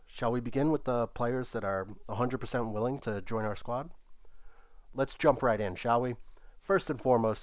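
A man narrating a comedy sketch and voicing several characters, shifting his pitch for each one. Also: dry recording. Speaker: comedic storyteller. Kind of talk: comic sketch narration with put-on voices. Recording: dull, muffled dry recording.

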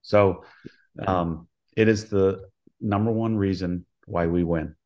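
Deep-voiced older man telling stories earnestly. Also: fairly even intonation, takes it slowly, highs cut off. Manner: earnest storyteller who acts out quoted dialogue. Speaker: college softball head coach, guest. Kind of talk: storytelling interview.

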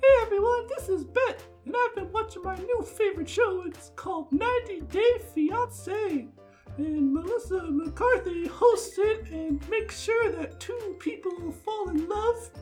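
A bubbly, scatterbrained woman TV fan, as a man puts her on, gushing in a very high, squeaky voice. She talks slowly and rambles through a comic fake ad. Faint music plays behind her. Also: darkish tone.

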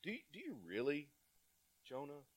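A male pastor gives a sermon, reading scripture aloud and putting rhetorical questions to the congregation. He alternates between loud, emphatic calls and quiet asides. His voice is a little high with huge pitch swings, and he speaks at a moderate pace.

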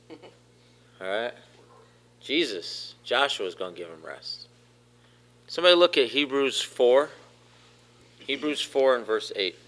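A man's voice: fairly low pitch, a bit bright. A man preaching a sermon, emphatic, repeating phrases and putting questions to the congregation. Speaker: pastor.

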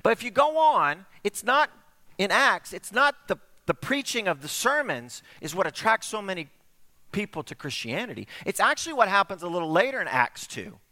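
Animated, bright-voiced male preacher. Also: high-pitched, moderate pace, long reverb tail. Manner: animated storytelling with acted dialogue. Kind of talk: sermon.

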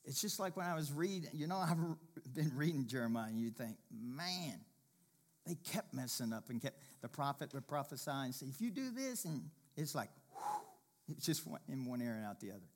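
A man preaching a sermon as pastor, swinging from impassioned loud passages to hushed, quiet ones. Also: medium pitch, big pitch swings, moderate pace.

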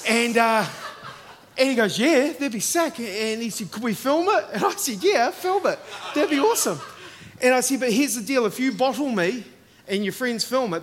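High-voiced Australian man preaching. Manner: animated, acts out voices in anecdotes. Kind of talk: sermon with storytelling.

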